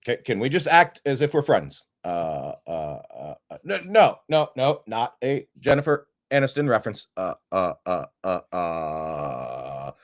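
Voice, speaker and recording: A man's voice: sits low, lively intonation, measured pace, few pauses, voice pushed down. A man voicing an old male president who stammers and trails off with many uhs. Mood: confused mumbling.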